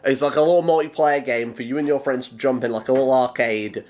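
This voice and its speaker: A man's voice: medium pitch, steady tone, fast talker, a little mellow. A young man co-hosting a casual chat, dry and blunt, teasing his co-host.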